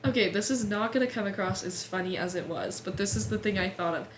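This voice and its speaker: A young American woman in her twenties, a guest telling animated stories and swearing freely in casual podcast chat. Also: medium pitch, fast talker. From United States. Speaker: guest, childhood best friend. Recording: roomy room echo, faint hiss.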